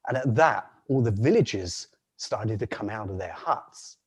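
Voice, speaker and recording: A man telling a folk tale on a video call in an unhurried way, with frequent restarts and soft laughs. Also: on the low side, animated, husky. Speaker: storyteller.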